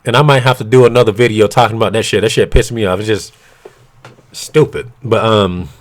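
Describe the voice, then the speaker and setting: Blunt low-voiced man ranting. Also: steady tone, fairly quick. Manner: blunt, profane, confrontational; retells arguments with quoted dialogue. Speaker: vlogger. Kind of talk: casual ranting monologue.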